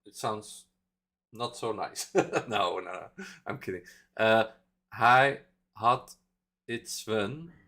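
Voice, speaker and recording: A Dutch-accented man hosts a live reaction stream in a loose, chatty way. His voice sits a little low, and he wanders through explanations, full of fillers and small laughs. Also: slow pace, pauses often, bright, forceful tone. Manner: rambling, many fillers, chuckles while explaining. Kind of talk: casual live reaction chat.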